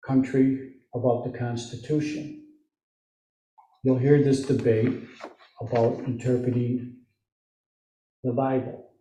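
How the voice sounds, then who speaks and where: Midwestern guy preaching slow and easy, mellow voice, echoey church, mic a ways off. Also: medium pitch, recorded from a distance. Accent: Midwestern American. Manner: conversational, questioning, with asides. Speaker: lay preacher. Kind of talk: sermon. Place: church sanctuary.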